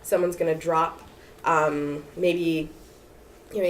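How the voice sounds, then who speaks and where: A woman with a somewhat low voice speaks casually on a panel to future teachers. She is lively and chatty, full of fillers. The mic sits far off in the room, with a faint hiss behind. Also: fairly quick. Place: lecture room at a library event.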